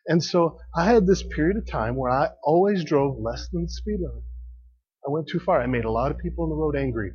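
A man preaching in a relaxed, conversational way, laughing often and swinging between quiet and emphatic. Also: fairly high pitch, fairly quick, muffled recording. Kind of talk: sermon.

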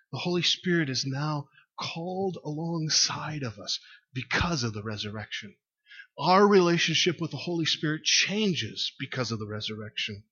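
A male pastor preaches in a loose, conversational way, leaning on repeats for emphasis. His voice sits a bit high and sounds bright and forceful. The recording is dull and lo-fi. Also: breathy edge. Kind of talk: sermon.

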